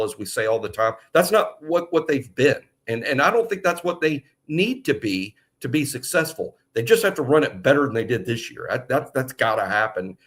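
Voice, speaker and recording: A man co-hosting a sports podcast, giving measured, thoughtful analysis with frequent fillers. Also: mid-range voice.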